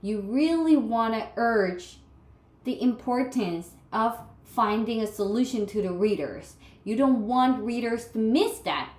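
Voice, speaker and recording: Slow, patient woman teaching writing. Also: fairly high pitch, expressive, darkish tone. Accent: Korean. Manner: patient, explains step by step with examples. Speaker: writing instructor. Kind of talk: recorded lecture. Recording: echoey room.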